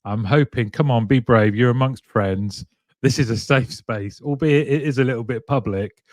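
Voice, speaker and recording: A man's voice: medium pitch, normal speed, dry recording, studio quality. A man hosting a live stream, chatting casually and greeting viewers one by one by name, with plenty of ums. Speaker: live show host.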